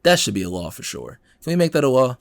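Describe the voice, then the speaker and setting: A male podcast host ranting through the news, his voice jumping between high and low as he acts out the people in the stories. He talks at a middle pitch, close to a dry mic. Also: quick pace, creaky, no echo. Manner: animated and exasperated, acts out quoted people, swears freely. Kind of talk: casual news commentary.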